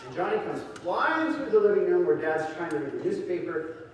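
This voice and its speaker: A man's voice: high-pitched, sing-song, a little fast, slight background noise. A man giving a talk to an audience, telling stories and acting out the people in them. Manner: storytelling with acted-out voices. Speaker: speaker. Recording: echoey hall, distant mic.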